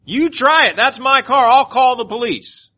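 Belligerent loud woman, shrill and sharp, put on by a man. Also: expressive, moderate pace, heavily acted. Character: agitated, belligerent young woman shouting at everyone.

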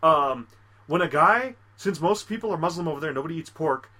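A man's voice: on the high side, lively intonation, a little fast, bright, forceful tone. A man co-hosting a podcast in casual chat, telling a crude story in a rambling way with many fillers. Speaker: podcast co-host.

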